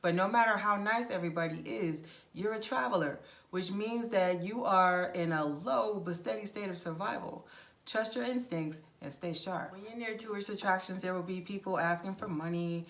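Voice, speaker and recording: A woman's voice: medium pitch, moderate pace. A woman vlogger giving frank, direct travel advice in a casual monologue. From United States. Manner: frank, direct, animated with acted-out anecdotes.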